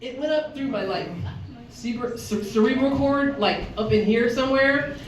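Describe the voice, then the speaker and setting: A woman in her fifties from Chicago doing a brash stand-up set and acting out voices. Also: moderate pace. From Chicago, Illinois. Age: 50s. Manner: brash, acts out voices with big pitch jumps. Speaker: stand-up comedian. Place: comedy club stage. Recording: echoey club from far off, faint noise. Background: audience laughter.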